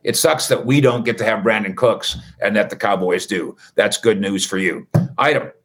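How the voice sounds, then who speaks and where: A man's voice: fairly low pitch, moderate pace, fairly bright tone. Chatty wisecracking male sports reporter. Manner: chatty, wisecracking, rambling asides. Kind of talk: casual recap monologue.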